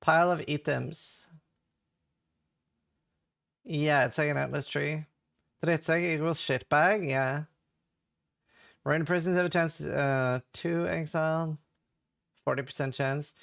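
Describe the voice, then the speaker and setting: A man's voice: on the high side, steady tone, takes it slowly, vocal fry, pauses often, a bit bright. A young Norwegian man with a Norwegian accent, chatting casually and rambling as he reads patch notes and viewer chat on a livestream. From Norway. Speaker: streamer reading patch notes.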